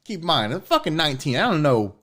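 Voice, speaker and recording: A man, a podcast co-host telling a personal story in casual chat, swearing often and getting excited. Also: a little high, fast talker. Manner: animated, swears a lot, rising excitement.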